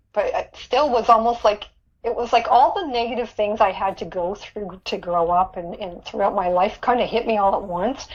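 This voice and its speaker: A woman's voice: mid-range voice, muffled recording. Earnest woman telling her story. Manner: earnest, repeats words, laughs often. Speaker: podcast guest. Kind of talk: interview storytelling.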